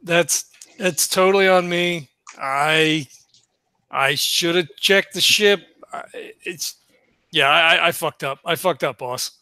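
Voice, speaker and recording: A man voicing a sheepish male mercenary who speaks in a halting, apologetic way. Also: on the high side, bright, forceful tone, clean tone, no room sound, heavily acted.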